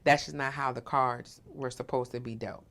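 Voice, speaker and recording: A woman's voice: very deep voice, fairly even intonation, normal speed, a bit bright. A woman hosting an interview, affirming and emphatic, often tagging her points with "right?". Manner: affirming, emphatic, frequent "right?" tag questions. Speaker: interviewer and host. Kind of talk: supportive conversational interview.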